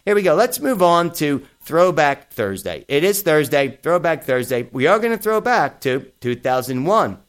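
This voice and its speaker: A middle-aged man hosts a podcast in a blunt, emphatic way, swearing freely as he runs through his points. His voice sits a little higher than most men's. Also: sing-song, moderate pace, hardly any pauses, smooth. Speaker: podcast host. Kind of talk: casual opinion commentary.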